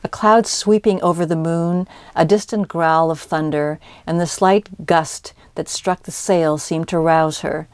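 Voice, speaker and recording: A woman reads a classic story aloud with measured, expressive narration. Her voice sits on the low side, and the recording is dry and close. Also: dry recording. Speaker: audiobook reader. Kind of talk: scripted narration.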